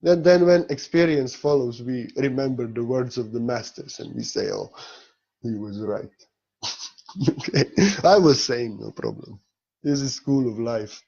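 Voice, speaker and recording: A man's voice: medium pitch, a little slow, darkish tone, dull audio. A man giving an informal spiritual talk as a teacher, speaking candidly and emotionally, blunt and sometimes swearing.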